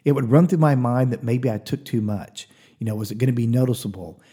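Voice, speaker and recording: A man's voice: mid-range voice, brisk, dark tone, slightly rough. A man hosting a podcast, telling a comic story in a chatty way, with confiding asides to the listener. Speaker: podcast host.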